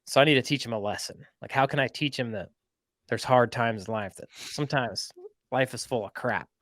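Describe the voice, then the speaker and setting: A man's voice: medium pitch, brisk, a bit bright, no echo. Chatty man telling a story. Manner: chatty, rambling, lots of "like" and "right?". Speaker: podcast host. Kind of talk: casual storytelling.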